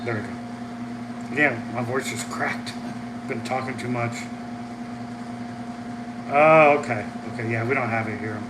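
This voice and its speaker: A man's voice: medium pitch, unhurried, pauses often, background noise. A man from the Midwest, chatting casually on a livestream from a concession stand and answering questions from chat. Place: concession stand at a soccer venue.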